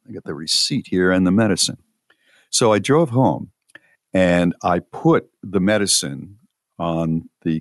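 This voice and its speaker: A man hosting a talk show, casually telling a long, animated personal story and rising in pitch as he relives the frantic parts. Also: dry recording, clean studio sound. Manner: animated storyteller, voice climbs high when retelling frantic moments.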